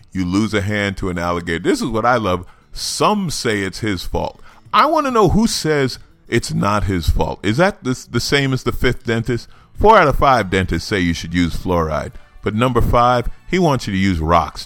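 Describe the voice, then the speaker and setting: Deep-voiced sarcastic man hosting a podcast. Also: a bit bright, dry recording. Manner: sarcastic, mocking, laughs at own jokes. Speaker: podcast host. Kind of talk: comedic news commentary monologue.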